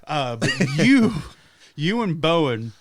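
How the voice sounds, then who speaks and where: A man's voice: fairly high pitch, sing-song, takes it slowly, noisy background. A man guest on a podcast, telling old stories in a casual, joking and swearing manner. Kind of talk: casual storytelling chat.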